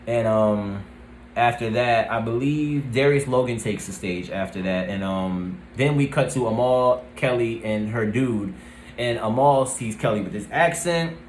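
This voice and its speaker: A man giving a casual, rambling recap of a TV episode, often pausing with "let's see" and "um". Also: mid-range voice, slight background noise. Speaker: TV review vlogger. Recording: roomy echo.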